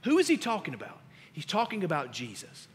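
A man preaching a sermon as pastor, with emphatic delivery that grows louder on scripture readings. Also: sits high, huge pitch swings, a little fast, breathy edge, big-room sound. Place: church sanctuary.

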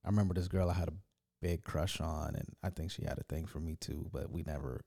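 A man co-hosting a podcast, telling stories in a laid-back, animated way. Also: rumbling low, fast, vocal fry. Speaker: podcast co-host. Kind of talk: casual chat.

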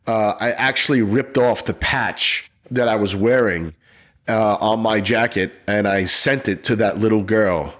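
A middle-aged man, a retired police officer, telling a personal story in an interview in an earnest, emotional, halting way. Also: fairly low pitch, a bit bright.

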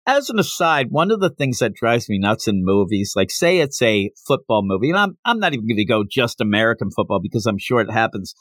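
A man hosting a podcast, casually retelling a manga chapter in an animated way and now and then slipping into character voices. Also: fairly low pitch, brisk, few pauses, no room sound, studio quality. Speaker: podcast host.

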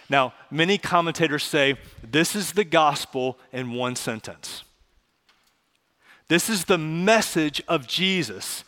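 A man preaching a sermon as pastor, earnest and pleading, slowing down for emphasis. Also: a little high, expressive, bright, forceful tone. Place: church sanctuary. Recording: long church hall reverb.

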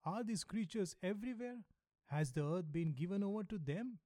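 A man doing a shaken curate whose voice climbs high and thin as he wails and complains in despair. He sounds close and dry, with a mellow tone under the panic. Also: moderate pace, dry recording, close to an everyday voice. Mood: panicked. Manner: plaintive, complaining, wailing. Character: frightened, unhinged middle-aged male curate.

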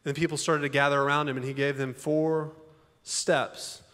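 Guy preaching, kinda high voice, chatty and folksy, big echoey church hall. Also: flat delivery, normal speed, a bit bright. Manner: conversational, folksy preaching with rhetorical questions. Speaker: pastor. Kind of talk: sermon. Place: church auditorium. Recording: long church hall reverb.

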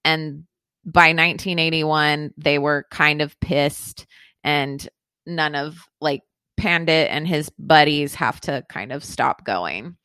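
A woman's voice: low-pitched, takes it slowly, pushed and bright, clear, resonant tone, dry recording. A woman hosting a podcast, casually telling a story in a profane, rambling way with lots of fillers. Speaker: podcast host.

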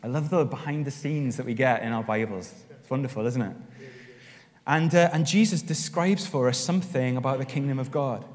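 A man preaching a sermon as pastor, telling stories with animated, rising emphasis. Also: mid-range voice, fairly quick. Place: church hall. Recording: long reverb of a church hall.

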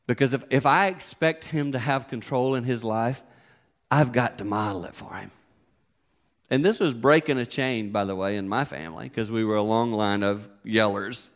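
A middle-aged man preaching a sermon, telling personal stories in an animated way and climbing to near-shouts when he acts out arguments. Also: on the high side. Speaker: pastor.

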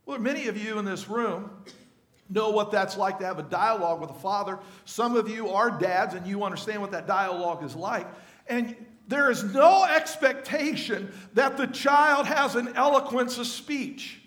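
A man's voice: sits high, moderate pace, fairly bright tone, reverberant. A male pastor giving a conversational sermon to his congregation, often asking them questions. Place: church sanctuary.

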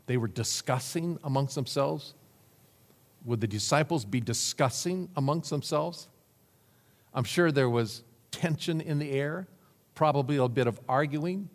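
Man preaching a sermon in a reverberant hall. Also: medium pitch. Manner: storytelling with chuckles, acting out quoted characters. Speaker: pastor.

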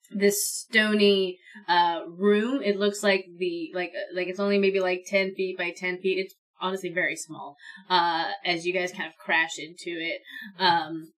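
A woman narrating as dungeon master, rambling and halting, full of fillers and small laughs. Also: lowish voice, flat delivery, a bit bright. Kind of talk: narrating a tabletop game.

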